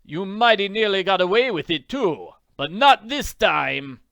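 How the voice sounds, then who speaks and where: A man voicing a hearty male mail pilot who talks loudly and gloats. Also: sits high, lively intonation, a little slow, gravelly, dry recording, pitched above the performer's own voice, heavily acted. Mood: gloating. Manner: gloating, loud.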